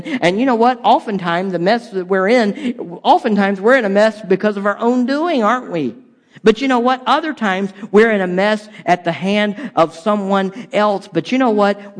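A man's voice: high-pitched, big-room sound. A man preaching a sermon in a conversational way, with repeated rhetorical questions and stumbling restarts. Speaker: pastor.

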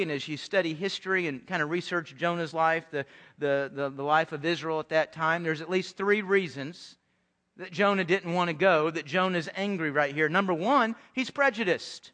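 A man's voice: high voice, pushed and bright. A man preaching a sermon as pastor to his congregation, earnest and repeating words as he builds to a point. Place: church sanctuary.

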